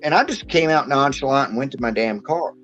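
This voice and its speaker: A man's voice: mid-range voice, animated, brisk, a bit bright, soft background music. A man telling rambling stories in casual chat, swearing offhand. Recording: dull lo-fi mic.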